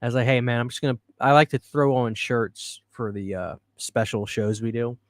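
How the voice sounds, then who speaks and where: A man's voice: medium pitch, steady tone, moderate pace, dry recording, clean studio sound. A man hosting a casual live stream, chatting loosely, answering viewer comments and laughing easily. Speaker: livestream host. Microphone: studio microphone.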